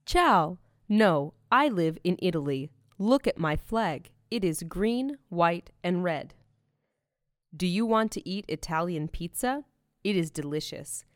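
A woman's voice: on the low side, animated, slow, dry recording, studio quality. A woman voicing friendly girls from Arabia, Italy and Russia, explaining simply in a scripted language-lesson dialogue.

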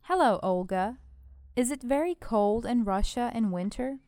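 A woman voicing a friendly British schoolgirl at a party, speaking slowly and carefully in a scripted language-lesson dialogue. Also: a little high, animated, mellow, no echo. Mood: cheerful.

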